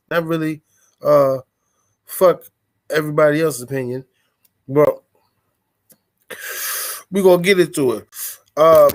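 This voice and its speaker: A man from the Washington DC area hosting a podcast in loose, profane, hyped-up casual chat. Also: sits high. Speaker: podcast host.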